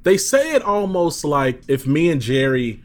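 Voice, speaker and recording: A man in his thirties speaking as an interview guest over a video call, emphatic and animated in telling stories. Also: fairly high pitch, a little slow. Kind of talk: conversational interview answer.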